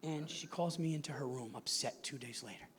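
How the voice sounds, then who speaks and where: A man in his forties performing a stand-up set, telling stories animatedly and shouting his punchlines. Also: mid-range voice, a little fast, a little hiss or hum. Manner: animated storytelling, shouting punchlines, acting out characters. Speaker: stand-up comedian. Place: theater stage before a live audience. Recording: live show with loud crowd laughter.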